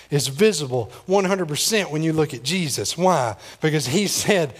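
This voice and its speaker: A man preaching a sermon as pastor, swinging between loud pleading and hushed intensity. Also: fairly high pitch, lively intonation, unhurried, husky.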